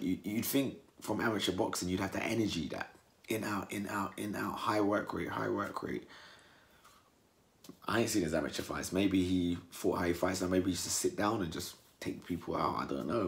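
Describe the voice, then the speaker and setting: A young man from England talks through a fight he just watched in a casual monologue. His voice sits very low with a gravelly fry, and now and then he jumps into mocking impressions of the fighters. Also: moderate pace. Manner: animated, acts out fighters' words in mocking high voices. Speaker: boxing commentator.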